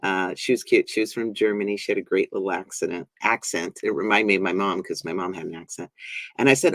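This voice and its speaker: A man's voice: fairly low pitch, expressive, brisk, no echo. A man hosting a spiritual talk show, telling his own stories in an earnest, conversational way. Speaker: host. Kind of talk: casual conversation.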